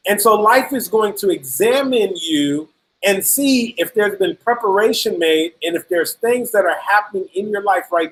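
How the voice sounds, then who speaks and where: A man's voice: sits high, low-quality recording. A middle-aged man giving an emphatic motivational talk, telling a personal story and repeating key phrases for effect. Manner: emphatic, repetitive, storytelling with acted-out quotes. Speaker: motivational speaker.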